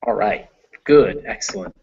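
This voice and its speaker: Patient, low-voiced male English tutor. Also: a little slow, darkish tone, slightly rough, highs cut off. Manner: patient, explanatory, many fillers. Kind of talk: one-on-one reading lesson.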